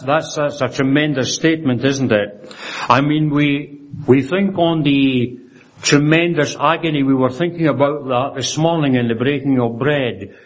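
Earnest male preacher, halting restarts. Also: medium pitch. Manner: earnest, often ends points with "isn't it?" and quotes scripture reverently; stumbles and restarts phrases. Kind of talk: sermon.

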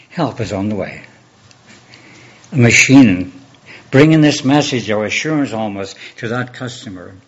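Male pastor preaching, dull recording. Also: medium pitch. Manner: measured preaching with repeated rhetorical questions. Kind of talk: sermon.

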